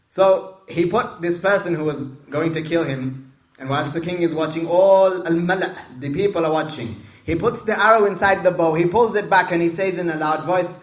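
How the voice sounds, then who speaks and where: A man's voice: a little high, moderate pace. Man retelling a religious story in an echoey room. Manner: repeats phrases and explains Arabic terms; asks listeners questions. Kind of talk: retelling a hadith story to listeners. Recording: roomy echo.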